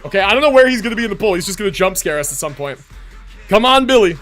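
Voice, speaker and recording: Excitable high-voiced young man streaming. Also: rapid-fire, faint music behind. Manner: excitable, hype, laughs a lot, swears casually. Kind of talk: casual livestream commentary.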